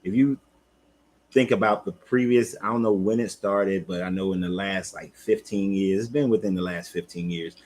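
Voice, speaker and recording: A man's voice: sits low, steady tone, normal speed, a little mellow, a little hiss or hum. A man hosting a live stream, reading scripture and commenting on it in a loose, rambling way, breaking off to greet viewers by name. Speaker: spiritual coach and host.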